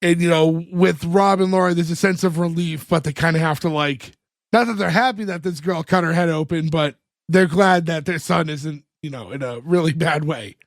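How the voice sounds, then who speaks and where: High, gravelly man recapping a sitcom. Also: moderate pace, dry recording, clean studio sound. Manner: retells scenes, acting out characters' lines. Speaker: podcast co-host. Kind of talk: casual chat, recapping an episode.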